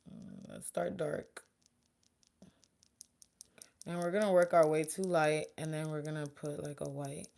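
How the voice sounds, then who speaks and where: A woman's voice: sits low, measured pace, vocal fry, pauses often. A young woman chatting casually with her viewers while doing her makeup. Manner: chatty, animated, talks to viewers and chat. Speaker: beauty vlogger and makeup artist.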